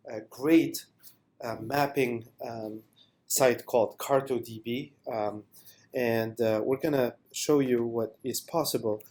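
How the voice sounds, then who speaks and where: Man, software demo voice-over, unscripted, filler words, enthusiastic, mid-pitched. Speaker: product presenter.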